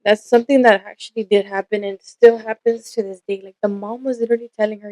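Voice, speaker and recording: A woman's voice: mid-range voice, fairly even intonation, fast, hardly any pauses, darkish tone, no room sound, rough recording. A young woman co-hosting a casual podcast, telling stories candidly and swearing freely, acting out the lines of the people in them. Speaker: podcast co-host.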